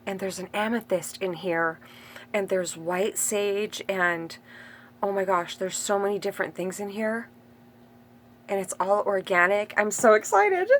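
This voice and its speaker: A woman's voice: medium pitch, fairly even intonation, unhurried, slight background noise. A woman acting as a spiritual teacher, talking in a meandering, self-interrupting way in a casual spiritual monologue with open emotion.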